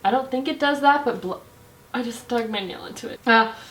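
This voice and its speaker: Chatting brightly about her favorite makeup on her vlog, a young woman packs her speech with "like." Her voice is on the high side, with a brisk pace and a fairly bright tone.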